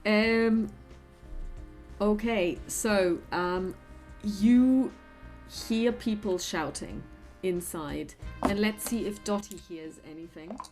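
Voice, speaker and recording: A woman's voice: mid-range voice, takes it slowly, darkish tone, soft background music. A woman narrating a tabletop horror game as game master, friendly and hesitant, with many fillers.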